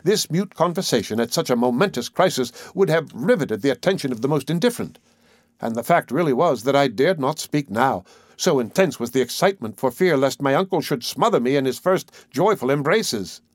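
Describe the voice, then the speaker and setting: A man narrating a classic adventure story in the first person, measured and expressive. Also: mid-range voice, dry recording, studio quality. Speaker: audiobook narrator.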